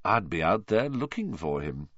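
A man voicing a spiteful schoolboy bully who talks quietly and menacingly, drawn out, for an audiobook. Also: low voice, sing-song, moderate pace, no echo, lo-fi sound, exaggerated voice. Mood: sneering.

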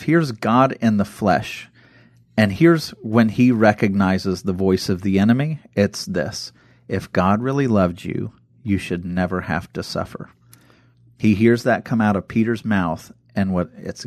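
A man in casual conversation, retelling Bible stories with lively acted-out quotes. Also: fairly low pitch, measured pace, no room sound, clean studio sound. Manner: animated storytelling, acts out quoted voices.

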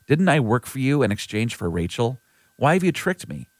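Brief: man doing earnest young Jacob, animated rises in pitch, dry close sound. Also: normal speed, dry recording.

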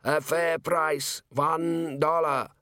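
A man's voice: on the high side, steady tone, extremely slow, bright, forceful tone, dry recording, clean studio sound, pitched above the performer's own voice, exaggerated voice. A man reading an audiobook, voicing a greedy, blustering male butcher who sounds indignant and grasping. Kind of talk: audiobook character voice.

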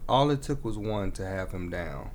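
A man's voice: low voice, animated, moderate pace, a little hiss or hum. A man talking earnestly in a casual discussion, building to emotional emphasis as he makes his point.

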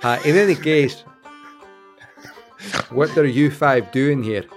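A man voicing a tough female tavern owner in a put-on Scottish accent, gruff and wry, for a tabletop game. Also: mid-range voice, slow, faint music behind, pitched above the performer's own voice.

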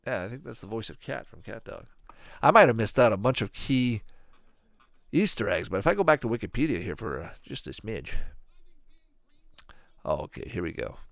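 Low-voiced rambling man reacting to cartoons. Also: moderate pace, vocal fry, pauses often, no echo, clean studio sound. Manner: rambling, profane, animated asides. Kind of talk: casual reaction commentary.

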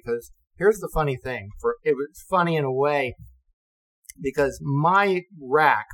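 A man's voice: mid-range voice, low-quality recording. Older man, retired navy officer, casual storyteller who swears and laughs. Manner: lively, acts out quotes, swears and laughs.

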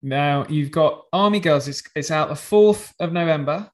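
A man hosts a podcast interview over a video call. He is polite and a little hesitant as he wraps up. His voice sits slightly high for a man. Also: moderate pace. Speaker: podcast host.

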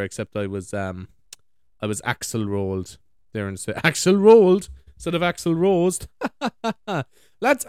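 Sweary Irish man, lively and rambling. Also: medium pitch, smooth, no echo, studio quality. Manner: rambling, sweary, laughs easily. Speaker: podcast host. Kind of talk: casual chat.

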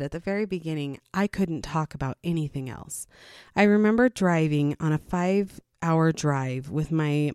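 A woman's voice: sits low, dry recording, clean studio sound. A middle-aged woman talking candidly to viewers about her life as a parent, acting out what people said in raised voices. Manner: candid and animated, acts out quotes in raised voices, laughs between points. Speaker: parent sharing her experience. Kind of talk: casual personal talk to viewers.

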